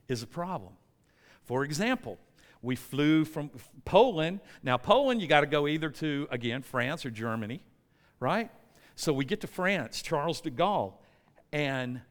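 Animated American preacher in a reverberant church. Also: male voice, fairly high pitch. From United States. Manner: animated storyteller, often checks in with the congregation. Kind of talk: sermon. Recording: long reverb in a church hall.

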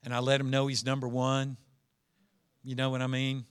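A middle-aged man preaching a sermon, animated, acting out quoted complainers and dropping to a low confiding voice for asides. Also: normal speed, smooth. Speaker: pastor.

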